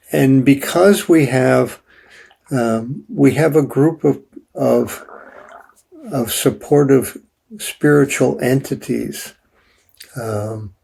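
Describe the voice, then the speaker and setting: An older man telling his personal story as an interview guest, halting with many restarts and fillers. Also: medium pitch, vocal fry, dark tone, husky.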